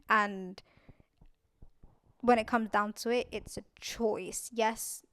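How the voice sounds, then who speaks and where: A woman's voice: on the high side, steady tone, takes it slowly, clear, resonant tone, dry recording, clean studio sound. A young adult woman hosting her own podcast, talking earnestly and repeating phrases for emphasis. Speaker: podcast host. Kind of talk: casual solo podcast talk.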